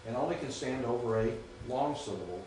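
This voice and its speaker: In an echoey classroom recorded from afar with light hiss or hum, a man teaching Greek speaks fairly quickly with lively intonation and a darkish, medium-pitched tone. He is patient and often checks whether students are following.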